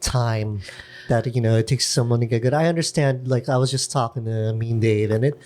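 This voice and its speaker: A man's voice: medium pitch, fairly quick, darkish tone. A man in his forties hosting a casual chat, blunt, outspoken and openly confident in his opinions. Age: 40s. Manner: blunt, self-assured and outspoken. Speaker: host. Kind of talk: casual conversation.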